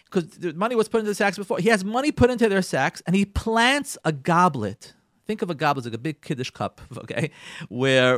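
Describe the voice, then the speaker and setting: A man giving a radio Torah talk, retelling a biblical story with dramatic emphasis and calling his listeners "ladies and gentlemen". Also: on the high side, dry recording, clean studio sound. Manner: repeats and restarts phrases for emphasis.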